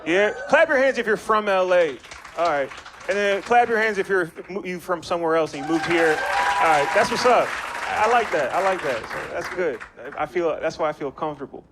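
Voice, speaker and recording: A man's voice: high voice, expressive, normal speed. A young man performing a stand-up comedy set in a small bar, with loose, chatty slang and banter with the crowd. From Maryland, USA. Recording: live bar set with noticeable background noise.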